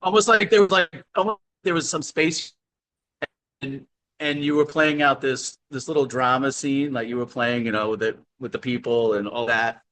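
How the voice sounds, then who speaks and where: A man with a mid-range voice joins a casual spiritual conversation as a guest over a video call. He is playful and animated and laughs easily as he speaks. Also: medium pitch, moderate pace.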